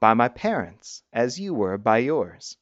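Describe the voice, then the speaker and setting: A man voicing a smooth, pleasant young man made of mosaic pieces in a storybook reading. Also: medium pitch, very animated, unhurried, no room sound, dull audio.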